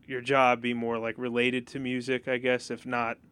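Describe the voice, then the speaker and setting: A young man hosting a casual podcast interview, talking in a relaxed and hesitant way with lots of fillers. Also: mid-range voice, normal speed, clear, resonant tone. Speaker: podcast host.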